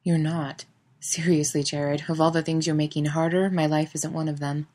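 A woman reading the lines of a young adult man, calm, quiet and reassuring. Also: sits low, normal speed. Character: young adult man, guarded but trusting lover.

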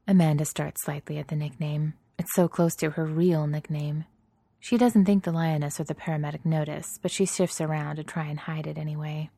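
Low-voiced woman reading a story. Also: steady tone, fairly quick, vocal fry, warm tone, no echo. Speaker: narrator.

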